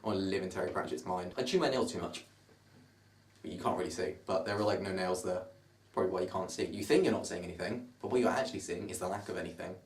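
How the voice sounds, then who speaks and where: A man's voice: deep voice, fast talker. A twenty-year-old man from the south of England with a southern English accent, chatting in a self-mocking, rambling way to camera in his bedroom. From Surrey, south of England. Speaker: vlogger. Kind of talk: casual rambling monologue to camera. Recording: roomy bedroom, camera at a distance.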